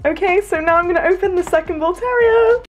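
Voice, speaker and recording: High-voiced, gushing woman unboxing toys. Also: quick pace, soft background music. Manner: gushing and excitable, frequent gasps. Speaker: toy collector vlogger. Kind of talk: casual unboxing vlog.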